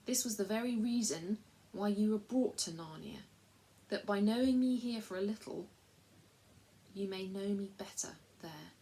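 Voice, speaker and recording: A woman reading aloud, voicing a majestic male lion who speaks gently and gravely, in a storybook reading. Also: mid-range voice, moderate pace, natural voice, rough recording. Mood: gentle, grave.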